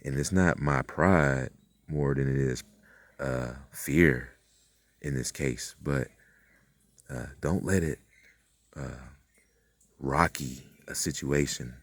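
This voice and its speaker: A man with an extremely low, deep voice wanders through a loose spiritual monologue, swearing freely and leaning on fillers. He acts out bits of dialogue as he goes. The sound is dry and close, with no room echo. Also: slow pace, pauses often. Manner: meandering, profane, with many fillers and acted-out quotes. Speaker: channel host.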